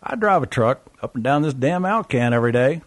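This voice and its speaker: A man's voice: medium pitch, lively intonation, a little fast, no room sound, natural voice. A man voicing a restless young male truck driver who talks in a slangy, grumbling way.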